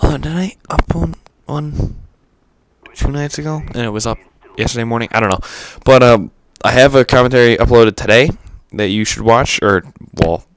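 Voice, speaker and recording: A man's voice: medium pitch, normal speed, no echo. A man giving unscripted gameplay commentary, rambling and stuttery with lots of fillers and casual swearing. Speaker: gaming commentator.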